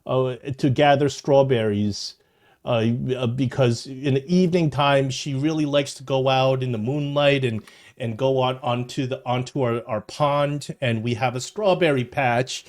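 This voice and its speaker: A man voicing a grief-stricken old farmer who pleads and wails in a high, strained voice. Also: unhurried, a little mellow, close to an everyday voice. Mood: grieving. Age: older.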